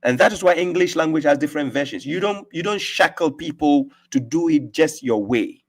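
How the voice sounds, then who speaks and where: A man's voice: a little high, animated, fairly quick. Emphatic man lecturing on a live stream. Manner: emphatic, lecturing, asks listeners rhetorical questions. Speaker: host giving talks on religion. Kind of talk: casual debate on a live stream.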